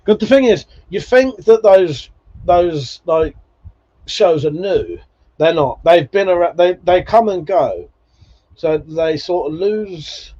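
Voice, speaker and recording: Speaking slowly in a high, animated voice with a dark tone, this livestream host reads out viewer comments in casual chat, laughing and cursing freely as he goes. His audio has a dull, lo-fi quality.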